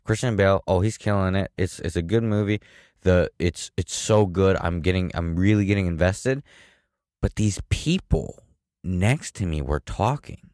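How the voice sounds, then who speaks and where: Low-voiced rambling young man. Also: moderate pace, darkish tone, no echo, clean studio sound. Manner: rambling, full of fillers and restarts. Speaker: vlogger. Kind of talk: casual rambling monologue.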